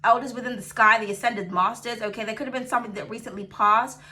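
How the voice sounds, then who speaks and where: Sassy chatty woman with a bright high voice. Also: fast. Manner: sassy, chatty, swears freely, calls viewers darling; swings between excited outbursts and low soothing asides. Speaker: tarot reader. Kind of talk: casual tarot reading to camera.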